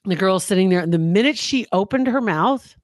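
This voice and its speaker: A man's voice: high voice, brisk, no room sound. A man co-hosting a podcast, telling a story in casual chat and acting out the scenes as he goes. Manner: animated storyteller, acts out screams. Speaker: podcast co-host.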